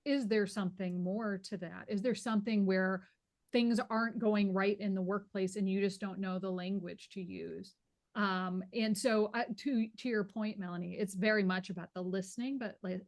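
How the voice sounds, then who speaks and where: A woman speaking as a guest on a webinar panel, measured and explanatory. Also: mid-range voice, a little mellow.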